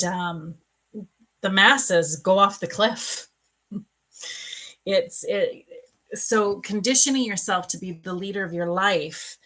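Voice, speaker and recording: A middle-aged woman hosting a live psychic reading, answering viewer questions in a slow, soft-spoken, emotional and earnest way. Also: medium pitch, poor audio.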